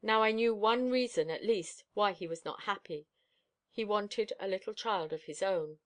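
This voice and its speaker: A woman narrates an audiobook as the dog's own account, storytelling in a steady yet expressive way. Her voice is medium-pitched and her pace moderate.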